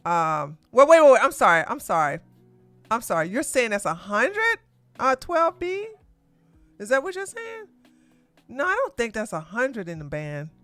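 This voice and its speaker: A woman hosting a live political commentary stream, animated and sarcastic, exclaiming and talking to her chat. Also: on the high side, unhurried, dry recording, soft background music. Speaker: podcast host.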